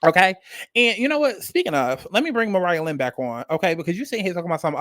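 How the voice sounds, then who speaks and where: A man's voice: a little high, quick pace, no room sound, studio quality. Man rambling, profane reality TV rant. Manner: animated, profane, repetitive, rambling. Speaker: reality TV reviewer. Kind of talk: casual commentary rant.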